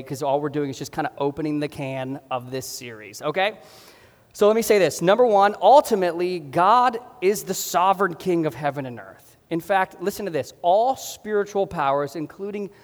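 A man preaching a sermon as pastor, passionate and at times loud and fired up. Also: fairly high pitch, moderate pace, big-room sound. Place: church hall.

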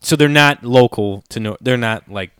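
A man's voice: medium pitch, moderate pace, fairly bright tone, clear, resonant tone, no room sound, clean studio sound. Joking, foul-mouthed man on a podcast. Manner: crude, joking, swears a lot. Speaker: podcast host. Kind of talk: casual podcast banter.

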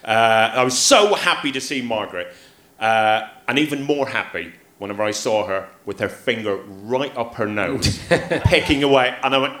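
Performing comic storytelling before a live theatre audience, a male comedian guest talks at a moderate pace in a mid-range voice. He's lively, frequently laughing and putting on voices, in an echoey live recording.

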